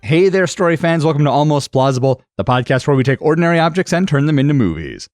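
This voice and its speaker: A man hosting a podcast, reading pitches and chatting with his co-hosts, laughing often. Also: animated, quick pace, darkish tone, dry recording, clean studio sound, faint music behind. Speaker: podcast host. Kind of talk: casual chat.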